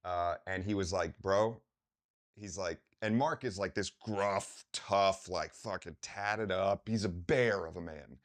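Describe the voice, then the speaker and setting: A man hosting a podcast interview, telling stories in a loose, animated way, swearing freely and acting out what people said. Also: deep voice, slow. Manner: animated storyteller, swears freely, acts out quotes. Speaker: podcast host. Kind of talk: casual conversational interview.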